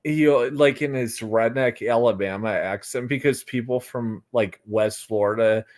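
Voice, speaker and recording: A man's voice: mid-range voice, normal speed, darkish tone. A young American man, a livestream interview guest, talking hesitantly and rambling with many fillers and restarts. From United States. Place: Florida.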